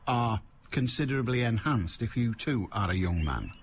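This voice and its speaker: A man hosts a radio phone-in, giving blunt and emphatic opinions. His pitch rises and falls widely, and a faint ambient hiss sits under his voice. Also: lively intonation, normal speed.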